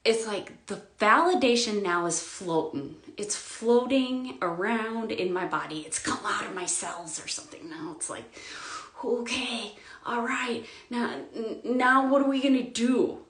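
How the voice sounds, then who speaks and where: A woman giving an emotional spiritual monologue, swinging between loud outbursts and quiet murmurs, near tears. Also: fairly high pitch, unhurried, roomy sound. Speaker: spiritual vlogger.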